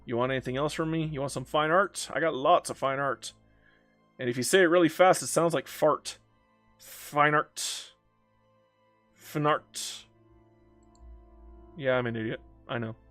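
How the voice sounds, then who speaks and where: A man's voice: medium pitch, a little fast, a bit bright, dry recording, soft background music. A young man giving goofy, teasing let's-play commentary, haggling aloud with the game and calling everyone bro. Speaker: strategy game player.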